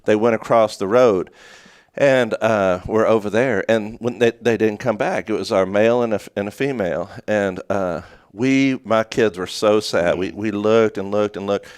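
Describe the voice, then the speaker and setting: Man, low voice, smooth, dry close sound, rambling storyteller, casual morning show co-host. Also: moderate pace, no room sound. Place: small studio.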